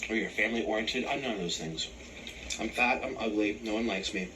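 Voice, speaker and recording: A man's voice: on the low side, a little fast, slight background noise, poor audio. Sarcastic man ranting on a vlog. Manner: sarcastic, animated, complaining. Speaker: vlogger. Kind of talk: casual vlog rant.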